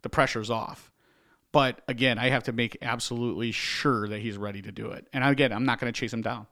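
A man's voice: medium pitch, fairly even intonation, fairly quick, bright, forceful tone. A man co-hosts a casual podcast conversation. He talks plainly and keeps his remarks dry and brief. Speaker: podcast co-host. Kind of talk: casual chat.

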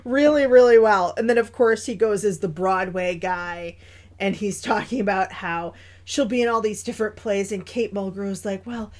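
A woman's voice: mid-range voice, moderate pace. A woman co-hosting a podcast, chatting casually about a film and laughing often. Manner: animated, laughs often while talking. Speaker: podcast co-host. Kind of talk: casual chat reviewing a film.

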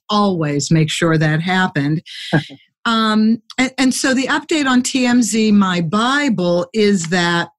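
A woman hosting a casual podcast interview, chatty and quick to laugh. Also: medium pitch. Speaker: podcast host.

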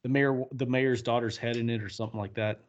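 A man's voice: medium pitch, fairly even intonation, fast talker, a crowd in the background. A man co-hosting a podcast, chatting loosely and profanely about a film with friends. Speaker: podcast co-host. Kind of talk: casual film discussion. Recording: muffled lo-fi audio.

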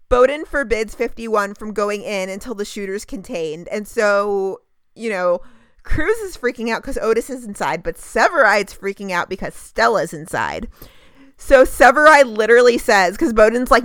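A woman co-hosting a podcast, recapping a TV episode in casual chat, gushing and animated with lots of fillers. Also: medium pitch, no room sound. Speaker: podcast co-host.

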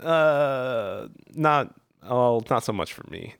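A man's voice: mid-range voice, expressive, slow, fairly bright tone, no room sound, studio quality. A man from Virginia, guest-hosting a podcast, chatting casually and joking with frequent laughs. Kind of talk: casual chat.

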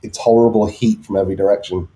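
A man with an anglicized North Welsh accent chats casually as a podcast guest. His voice is mellow and warm, and he talks in a halting way, with frequent ums and restarts. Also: on the low side, fairly even intonation, a little hiss or hum. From Wales. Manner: hesitant, many ums and restarts. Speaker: guest artist. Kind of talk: casual chat.

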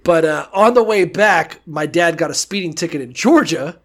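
Young man, high voice, gravelly, crude storyteller, casual podcast chat. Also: expressive, moderate pace, fairly bright tone. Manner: crude, storytelling, laughs often. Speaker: podcast co-host.

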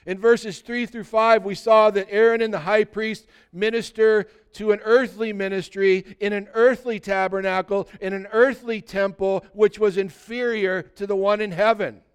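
High-pitched preaching man. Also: fairly even intonation, normal speed, few pauses, clear, resonant tone. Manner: earnest, exhorting preacher addressing the congregation directly. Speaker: pastor. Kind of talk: sermon.

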